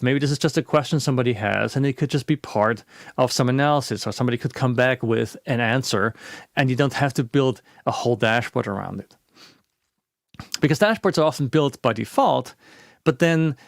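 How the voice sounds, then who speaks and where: A man presenting a webinar talk in a relaxed, conversational way, with frequent restarts and fillers. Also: mid-range voice, vocal fry, no room sound, studio quality.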